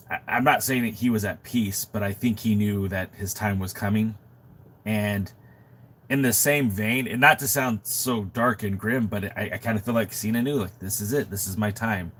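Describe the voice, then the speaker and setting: Under-the-weather man with a low voice. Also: a bit bright. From Southern California. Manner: conversational, with frequent restarts and reflective asides. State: sick with a sore throat and runny nose. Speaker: wrestling podcast co-host. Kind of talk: casual chat on a live stream. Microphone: webcam mic in a makeshift home studio.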